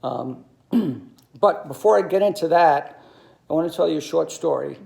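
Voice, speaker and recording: A man, telling stories in a halting monologue full of ums and uhs. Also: on the high side, animated, creaky, dark tone. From New York City. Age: 60s. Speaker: video commentator. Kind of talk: monologue to camera.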